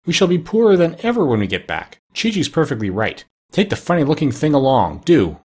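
A man's voice: fairly high pitch, big pitch swings, fairly quick, darkish tone, husky, voice pushed up. A man voicing a bossy, sensible female duck who scolds and nags in a storybook reading. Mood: scolding. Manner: scolding, practical.

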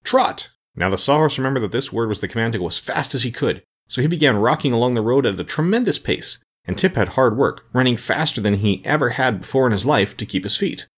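Husky, lively male storyteller. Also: medium pitch, fast, few pauses. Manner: expressive storytelling. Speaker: narrator. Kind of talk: audiobook narration.

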